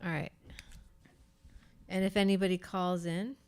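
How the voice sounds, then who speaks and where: A woman in a poetry seminar who takes over to pose a question and call on others, unhurried and deliberate. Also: lowish voice, flat delivery, darkish tone, clean tone. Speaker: seminar participant leading a question. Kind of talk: casual seminar discussion.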